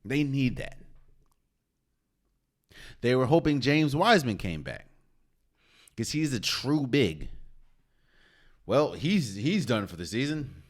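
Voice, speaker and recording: A man's voice: medium pitch, very animated, measured pace, pauses often. A man hosting a solo podcast, talking casually and conversationally, often repeating himself and restarting phrases. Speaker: podcast host. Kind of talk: solo sports talk.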